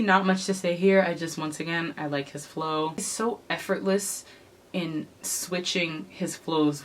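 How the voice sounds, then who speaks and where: A woman's voice: sits low, slight background noise. A woman giving casual, opinionated music commentary to camera, chatty and often laughing between points. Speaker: K-pop commentary YouTuber.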